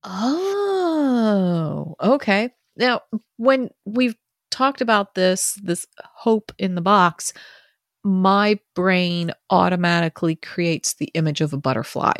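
A woman co-host with a somewhat low voice who talks slowly and plays along with short replies. The sound is dry and close with no room echo. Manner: short agreeing replies, playful. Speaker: podcast co-host. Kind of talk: casual podcast chat.

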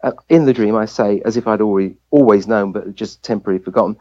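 A man's voice: lowish voice, quick pace, a little mellow, muffled recording. An English man, a family physician, telling a personal story as a guest in an interview, and acting out the voices he quotes. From England.

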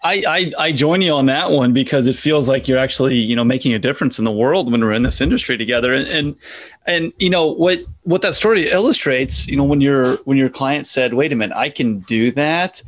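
Musing man, host, halting phrasing. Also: medium pitch. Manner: thoughtful, restarts phrases, many "you know"s. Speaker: podcast host. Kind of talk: interview conversation.

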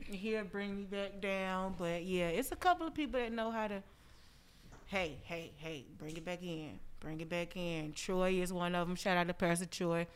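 A woman tells her stories with energy, jumping into voices for the people she quotes and laughing along the way. Her voice is smooth and clear, and she talks easily as a podcast guest. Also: fairly low pitch, normal speed. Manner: lively, acts out quotes, laughs often. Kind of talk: animated storytelling in casual chat.

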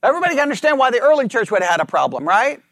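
High-voiced man teaching a Bible class. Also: sing-song, a bit bright, dry recording, studio quality. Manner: reads scripture slowly, questions the class often.

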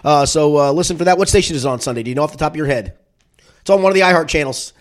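A middle-aged man hosting a sports podcast, chatting casually and joking. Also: on the high side. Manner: animated, quick, joking. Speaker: podcast host.

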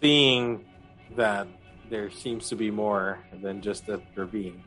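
Low-voiced, calm male player. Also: slow pace, soft background music, poor audio. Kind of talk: casual tabletop play.

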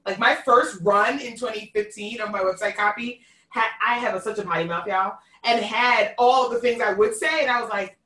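Bright-voiced Queens woman hosting. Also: medium pitch, fairly quick, echoey room, distant mic. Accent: Queens New York. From New York. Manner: expressive, folksy, addresses listeners as y'all. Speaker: host. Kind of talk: casual live-stream conversation.

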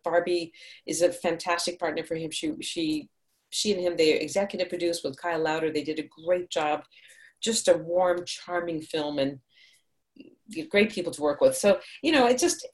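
A woman's voice: fairly low pitch, darkish tone. A middle-aged woman from Hungary, an actress, chatting upbeat in an interview, digressing and laughing often. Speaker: actress and audiobook narrator. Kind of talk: casual interview answers.

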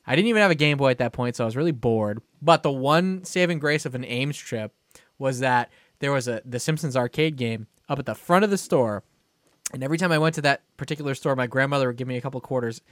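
Animated man telling a story. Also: mid-range voice, fast, no echo, studio quality. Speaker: podcast co-host. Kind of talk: casual chat.

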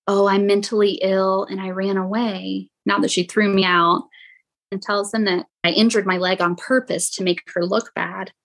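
A young adult woman recounts her own past as a podcast guest, speaking in halting runs full of "like." Her voice sits at an ordinary middle pitch and rises when she quotes other people. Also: a bit bright. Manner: halting, frequent "like" fillers, quotes others in raised voice. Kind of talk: emotional personal storytelling.

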